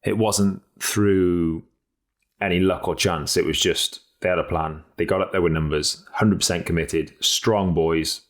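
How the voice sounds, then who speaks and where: Sex: man. Role: podcast co-host and cycling pundit. Style: casual podcast chat. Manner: blunt, energetic, swears freely, restarts a lot. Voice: very low pitched. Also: unhurried.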